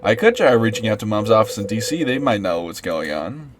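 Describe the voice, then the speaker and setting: A man voicing an anxious young woman philosopher who panics easily and turns shrill when startled, over background music. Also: sing-song, a little fast, background noise. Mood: worried.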